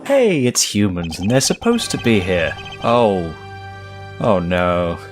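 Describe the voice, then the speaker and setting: A man's voice: deep voice, sing-song, slow. A man voicing a fan game, breaking off into self-deprecating comedic asides. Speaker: let's-play narrator voicing a fan game. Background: music.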